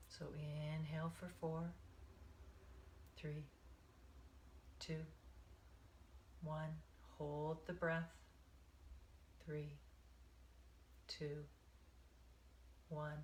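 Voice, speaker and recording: A woman meditation teacher leading a guided meditation in a calm, soothing, unhurried way, sometimes dropping to a soft breathy tone. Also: sits low, a little hiss or hum. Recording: echoey room.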